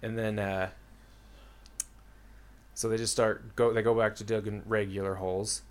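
A fairly low, flat voice at normal speed belongs to a young man casually going over a book's plot. His retelling rambles and leans heavily on fillers, especially "like," along with "uh."

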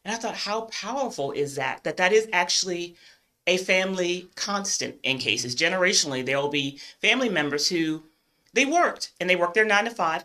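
A woman with a Southern US accent hosts her podcast in a chatty, upbeat way. Her voice is bright and forceful, and her laughs come easily. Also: fairly low pitch. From northern United States. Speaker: podcast host. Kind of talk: casual podcast interview.

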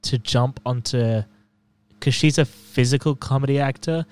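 A man chatting casually about films and comedians, opinionated and quick to laugh. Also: medium pitch, darkish tone, smooth.

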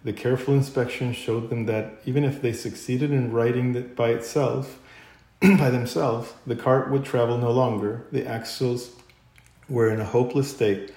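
A man narrating a children's classic aloud, unhurried, with occasional slips and throat-clearing. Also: medium pitch, darkish tone. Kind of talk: storybook reading aloud. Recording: echoey room.

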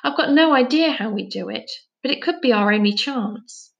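A woman's voice: animated, moderate pace, vocal fry, dull audio. Woman doing an urgent, impatient young boy. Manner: pleading, urgent, higher-pitched.

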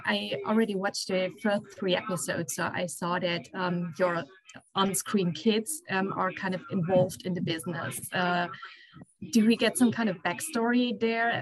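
A woman's voice: mid-range voice, rough recording. A woman interviewing an actor, asking long questions with many fillers.

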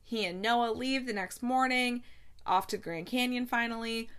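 A woman's voice: a little high, moderate pace, a bit bright, clean tone. A young woman hosting a casual movie recap, retelling scenes in a chatty, gushing way and laughing often. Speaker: movie review host.

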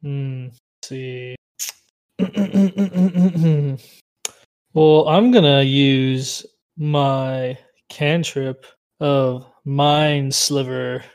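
A man's voice: medium pitch, extremely slow, darkish tone, clean tone. A man playing a tabletop game over an online voice call, casual and thinking aloud. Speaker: player.

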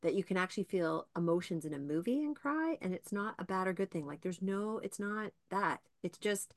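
A woman's voice: medium pitch, fairly quick, dry recording, studio quality. A woman hosting a podcast, chatting animatedly and reading aloud from a book. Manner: animated, laughing, reads book excerpts. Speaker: podcast host. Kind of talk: casual conversation and reading aloud.

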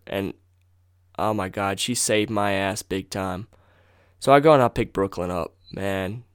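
A man's voice: low-pitched, unhurried, smooth, no room sound, studio quality. A young man hosting a podcast, telling a story in a rambling, profane, casual way and correcting himself as he goes. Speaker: podcast host.

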